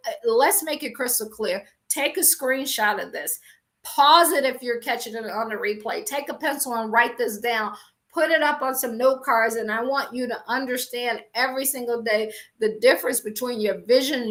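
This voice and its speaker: A woman's voice: a little high, fairly bright tone. A woman coaching faith-based business owners in a live-streamed talk, speaking emphatically, repeating lines for effect and slipping into playful mock voices. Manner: emphatic, repetitive, exhorting. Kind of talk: motivational preaching to a live-stream audience. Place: recorded for an online show.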